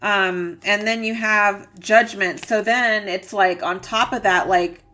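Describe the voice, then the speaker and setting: A woman's voice: medium pitch, steady tone, slow pace, pushed and bright. A woman giving a channeled reading, earnest and emotional, rambling and searching for words with many fillers. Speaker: psychic reader.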